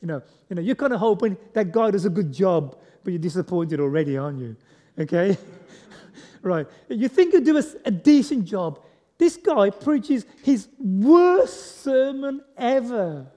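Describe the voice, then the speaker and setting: The long echo of a big hall surrounds a male guest speaker giving a sermon in a chatty style. His high, mellow voice swings widely in pitch at a moderate pace as he questions the congregation and jokes about himself.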